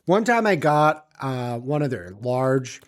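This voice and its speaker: A man's voice: medium pitch, lively intonation, slow pace. A man co-hosting a podcast, chatting casually and telling loose stories with plenty of swearing and laughter. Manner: loose, profane, laughing storyteller. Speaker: podcast co-host. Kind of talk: casual chat.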